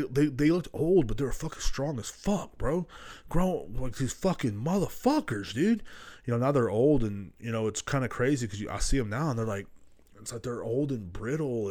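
A man's voice: mid-range voice, warm tone. A young man talking alone on his own podcast, cussing constantly and wandering off topic from story to story. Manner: profane, loose, jumps between stories. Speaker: podcast host. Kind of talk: solo rambling podcast monologue.

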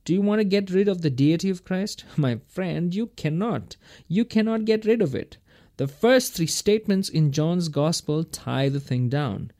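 A man's voice: a little high, lively intonation, moderate pace, darkish tone. A man teaching verse by verse through a Bible passage in a folksy, emphatic way, chuckling between his points.

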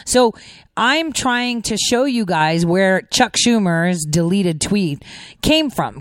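A woman's voice: fairly high pitch, dry recording, studio quality. A middle-aged woman hosting a political podcast, giving sarcastic, rambling commentary in a conversational way. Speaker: podcast host.

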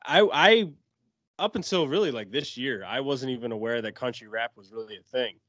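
A man hosts a casual interview, laid-back and slangy, pausing and restarting as he goes. His pitch sits in the middle range. The sound is close and dry. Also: lively intonation, a bit bright, no echo, muffled recording. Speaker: podcast host.

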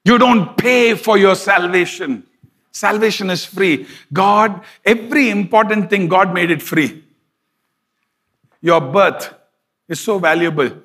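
A middle-aged pastor preaches a sermon conversationally, weaving in a story and chuckling often. His voice sits high with a fairly bright tone, and he takes his time.

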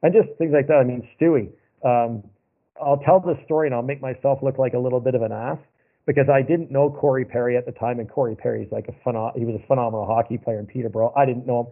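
A man's voice: mid-range voice, fairly even intonation, fast talker. Male guest, casual anecdotal storyteller, thin phone-line sound. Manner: rambling, anecdotal, repeats himself. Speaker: podcast guest.

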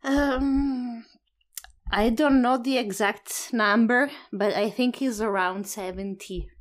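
Relaxed woman guest who laughs easily. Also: fairly high pitch, takes it slowly. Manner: relaxed, laughs often, searches for words with fillers. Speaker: guest, solo traveler. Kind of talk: casual interview. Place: home.

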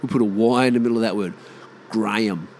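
A man's voice: mid-range voice, steady tone, racing, a little mellow, slight background noise. A man with an Australian accent, rambling in a casual monologue and ranting bluntly with plenty of swearing.

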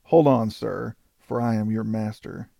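A man voicing a stern, cool-headed male frontier scout in an audiobook, speaking in a measured way. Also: medium pitch, creaky, mellow, dry recording, clean studio sound, natural voice.

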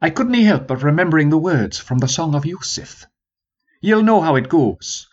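A man's voice: on the high side, expressive, normal speed, dull audio, pitched above the performer's own voice. A man voicing a young soldier recruit, recalling things in a wistful, lyrical way. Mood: awestruck. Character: young Scots soldier recruit, awestruck storyteller.

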